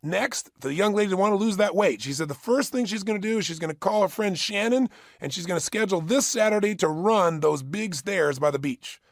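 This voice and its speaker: A man's voice: high-pitched, animated, fairly quick, vocal fry, dry recording. A middle-aged man giving a motivational talk, emphatic and repeating phrases for effect, recorded close in a studio. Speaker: motivational speaker. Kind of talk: motivational audio program.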